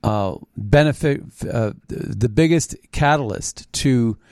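A man hosting a political commentary show, talking in a mocking, halting way with frequent restarts. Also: mid-range voice, darkish tone, clean tone, dry recording, clean studio sound. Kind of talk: opinionated commentary monologue.

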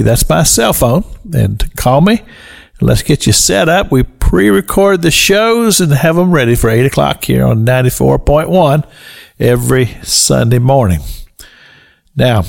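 A man's voice: medium pitch, creaky. An older man, hosting a Christian radio show in a folksy, earnest, conversational way. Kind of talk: devotional radio talk.

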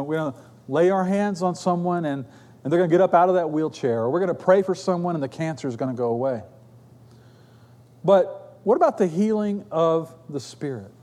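A fairly high-voiced man preaches from a church pulpit, telling his story in an easy, chatty way with quick asides to the people in front of him. His voice rings out with a long trail of reverb through the sanctuary. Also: darkish tone. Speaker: pastor. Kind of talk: sermon.

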